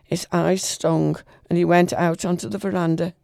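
Woman, story reader, measured, expressive, gravelly voice, dry sound. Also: fairly low pitch, no echo. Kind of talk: literary story reading.

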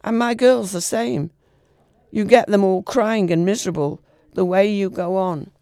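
A woman's voice: mid-range voice, measured pace, mellow, dry recording, studio quality, natural voice. A woman voicing a tired middle-aged daughter who humours her old father with cool patience. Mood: tired firmness. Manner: humouring, coaxing.

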